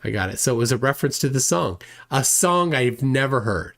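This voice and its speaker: A man's voice: mid-range voice, animated, a little fast, vocal fry. A man hosting a casual livestream, reading viewer comments aloud and rambling with self-deprecating chuckles. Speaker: livestream host.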